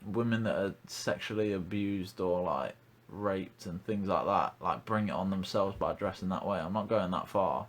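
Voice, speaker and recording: A man's voice: low-pitched, moderate pace, few pauses. A young man hosting a casual podcast, blunt and ranting, swearing freely. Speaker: podcast host.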